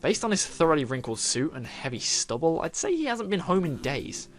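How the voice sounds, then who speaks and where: A man's voice: fairly high pitch, big pitch swings, brisk, music in the background. A man playing through a visual novel, reading its narration aloud and reacting with swearing and laughter. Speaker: gaming youtuber.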